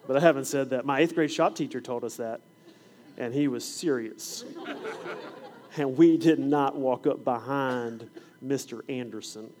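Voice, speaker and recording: A man's voice: mid-range voice, moderate pace, a little hiss or hum. A middle-aged man who is a preacher and fifth grade science teacher, telling classroom stories in a sermon and acting out the scenes. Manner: animated storyteller, acts out scenes. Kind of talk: sermon with storytelling.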